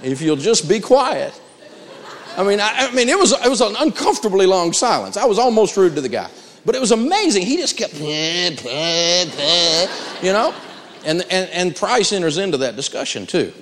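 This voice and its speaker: A man gives a live seminar on negotiating, telling stories with animated energy. His voice sits a touch high for a man, and a long hall reverb trails behind it. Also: brisk, slight background noise. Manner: animated storytelling, acts out quotes. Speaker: negotiation speaker.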